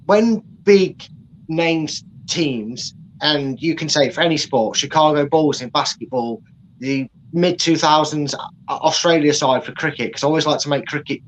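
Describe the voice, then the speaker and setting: A man, co-hosting a casual football chat and giving rambling, animated opinions. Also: a little high, slight background noise, rough recording. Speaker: co-host.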